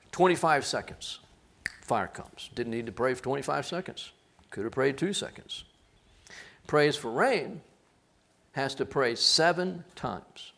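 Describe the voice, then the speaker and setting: High-voiced animated preaching man. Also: gravelly. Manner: animated storytelling, acts out voices, jokes; swings from loud shouting to quiet. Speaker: pastor. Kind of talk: sermon.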